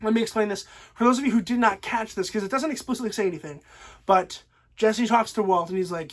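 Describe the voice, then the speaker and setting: A man's voice: high-pitched, rapid-fire. A man giving a casual spoken TV show review, enthusiastic and rambling, with lots of fillers.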